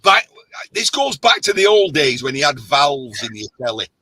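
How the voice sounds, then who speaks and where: A man's voice: medium pitch, sing-song, normal speed, sharp tone, slightly rough, dry recording, low-quality recording. A man hosting a casual livestream chat, rambling and jokey as he gets a little tipsy. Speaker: host.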